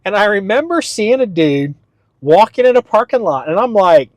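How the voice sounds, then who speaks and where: A man hosting his own podcast in a casual, rambling way, with frequent fillers and restarts, pitching his voice up a little for the show. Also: big pitch swings, moderate pace, dry recording. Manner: talks slightly up for the podcast. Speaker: podcast host. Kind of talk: casual solo podcast talk.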